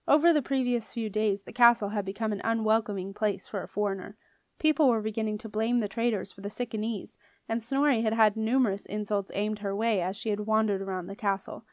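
A woman's voice: medium pitch, dry recording, studio quality. Woman reading a children's novel aloud. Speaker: audiobook reader. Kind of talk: children's book narration.

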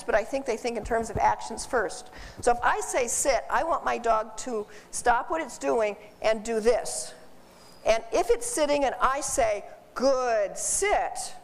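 A woman instructor teaching dog behavior to a live class in an animated, joking way, quizzing the class as she goes. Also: fairly high pitch, unhurried. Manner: animated, jokey, asks the class questions. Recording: roomy hall from a distance.

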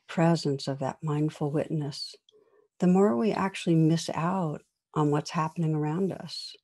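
Gentle, mellow-voiced woman meditation teacher. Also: sits low. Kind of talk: guided meditation and dharma talk.

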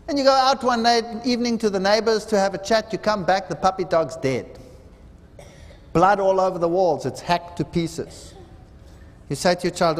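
Male seminar preacher, high lively voice, dramatic parable-teller; long hall reverb. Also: moderate pace. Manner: dramatic storytelling, acts out quoted voices. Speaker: seminar speaker. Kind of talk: sermon. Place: large hall.

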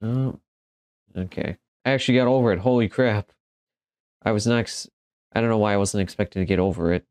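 A man's voice: fairly low pitch, brisk, long pauses, darkish tone, dry recording, studio quality. A man giving casual let's-play commentary, joking and exclaiming as he talks back to the game. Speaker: gaming commentator.

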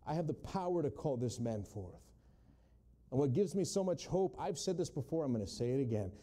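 A man preaching a sermon, sharing his testimony and shifting between hushed storytelling and loud, emphatic quotes. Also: mid-range voice, animated, a little fast.

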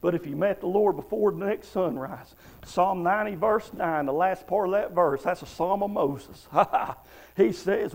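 A man's voice: high-pitched, a little slow, vocal fry, a little mellow, low-quality recording. A man preaching a fervent revival sermon in a church, punctuated with frequent amens. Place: church sanctuary.

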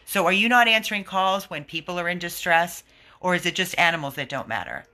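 Guy from an animal rescue venting on camera, earnest and fed up, highish piercing voice. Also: animated, fairly quick, pushed and bright. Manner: indignant, earnest pleading. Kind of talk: video update to followers.

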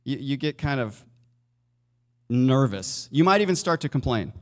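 A man's voice: medium pitch, very animated, a little slow, big-room sound. A male pastor preaching a sermon in a conversational way, asking his listeners questions. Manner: conversational, asks the congregation questions. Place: church sanctuary.

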